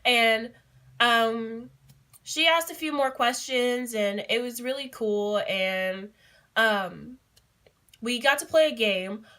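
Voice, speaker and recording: A young woman chats to her camera in a casual vlog, giggly and excitable, full of little fillers. Her voice sits a touch high and rings bright and forward. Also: takes it slowly. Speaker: beauty vlogger.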